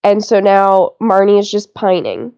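A woman's voice: medium pitch, fairly even intonation, measured pace, warm tone, clean tone, dull audio. A woman co-hosting a podcast, chatting casually about a TV episode, laughing often and swearing freely. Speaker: podcast co-host. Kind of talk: casual chat recapping a TV episode.

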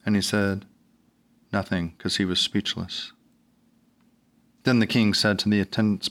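A man giving a measured, solemn reading of scripture in a liturgical service. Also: on the low side. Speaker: scripture reader.

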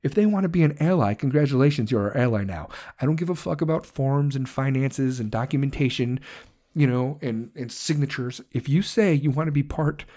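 A man's voice: medium pitch, brisk, warm tone. A man delivering a heated, profane political rant, hurling insults and swearing constantly.

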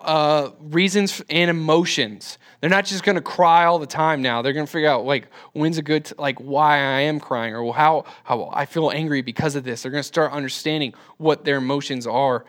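A man's voice: a little high, a bit bright. A man in his twenties teaching a church class in a loose, rambling way, with many fillers and restarts. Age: 20s. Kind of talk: casual classroom talk.

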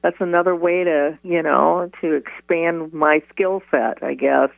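A woman astrologer, a guest on a radio interview by phone, chatty and quick to laugh, with many restarts. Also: sits low, fairly even intonation, gravelly, no echo. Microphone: telephone. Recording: tinny phone line.

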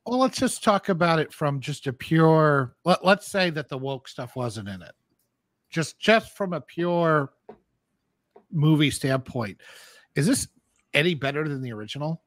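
A man's voice: fairly high pitch, animated, a little slow, a bit bright, dry recording. A man co-hosting a casual podcast chat, making dry, wry remarks. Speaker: podcast co-host.

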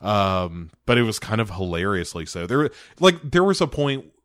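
A man with a fairly low voice co-hosts a casual movie podcast. He rambles, restarting his sentences and piling on fillers. The recording is dry and close. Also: very animated, normal speed, no room sound. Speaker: podcast co-host. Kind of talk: casual movie review chat.

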